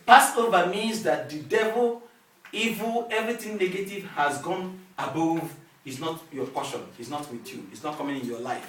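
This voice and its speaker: A male pastor preaching a sermon with lively call-and-response, recorded in a church hall from a distance. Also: on the high side, normal speed. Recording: echoey hall, distant mic, faint noise.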